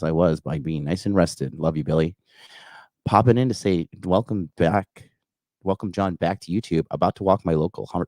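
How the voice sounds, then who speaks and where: A man's voice: sits low, darkish tone, dry recording, studio quality. A man in his thirties hosting a call-in livestream, rambling casually and crudely, full of "like" and "you know" while he reads out viewer comments. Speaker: call-in show host.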